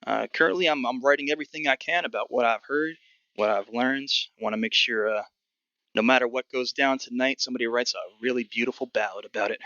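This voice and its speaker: A man's voice: medium pitch, fast talker, sharp tone, no echo, highs cut off. A man voicing a pompous, money-minded male bard with a smug, mercenary drawl.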